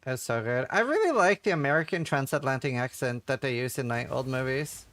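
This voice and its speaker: A man's voice: medium pitch, expressive, fairly quick, few pauses, a bit bright. A man chatting casually as a streamer while playing a game, slangy and playful. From Norway. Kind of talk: casual gaming commentary.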